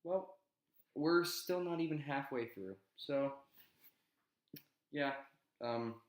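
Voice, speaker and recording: A man's voice: mid-range voice, takes it slowly. A man casually teaching an invented language, rambling with self-aware asides. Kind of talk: casual video lesson. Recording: echoey room.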